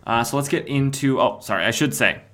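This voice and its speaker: A man's voice: medium pitch, fairly quick, a bit bright. A man hosting a podcast, casually recapping stories, rambling with lots of "uh" fillers and self-corrections. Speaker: comics podcast host.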